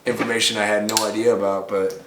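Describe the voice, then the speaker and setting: A man opening fan mail in a casual vlog, chatty and prone to loud excited outbursts. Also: on the low side, fast talker. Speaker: bar owner and vlogger. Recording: echoey room, faint background noise.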